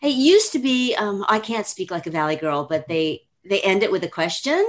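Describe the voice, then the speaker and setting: A woman's voice: mid-range voice, expressive, moderate pace. A woman in her fifties from Los Angeles, a fitness trainer guest speaking frankly and laughing easily on a remote podcast call. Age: 50s. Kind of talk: casual podcast interview.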